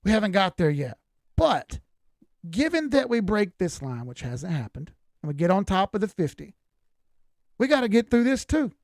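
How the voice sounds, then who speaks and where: A man's voice: sits high, very animated, moderate pace, no echo. Southern US man, middle-aged, raised voice, dry close sound, blunt folksy chart talk. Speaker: crypto chart analyst. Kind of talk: live-stream chart commentary.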